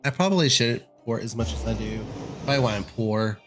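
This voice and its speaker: A man's voice: medium pitch, lively intonation, a little fast, noisy background. A man casually commenting on a game as he plays, chatty and self-deprecating. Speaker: gaming streamer.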